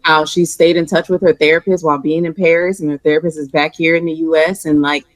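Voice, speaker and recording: Low-voiced woman with a New Orleans accent. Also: flat delivery, no room sound, poor audio. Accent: New Orleans Southern US. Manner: articulate, measured. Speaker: guest psychologist. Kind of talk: interview answers.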